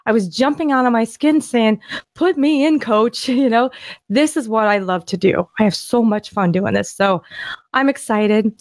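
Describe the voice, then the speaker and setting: A woman co-hosting a podcast, excitedly walking through property deals on screen in a casual, rambling way with frequent restarts. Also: a little high, moderate pace, no echo. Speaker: podcast co-host and land investor. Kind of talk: casual screen-share deal walkthrough.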